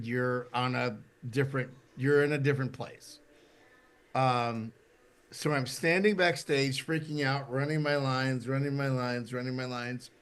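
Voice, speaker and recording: A man's voice: medium pitch, smooth. A middle-aged man, a podcast guest, telling a stage anecdote in casual chat and acting out the voices he quotes. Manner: animated anecdote teller, acts out quoted voices.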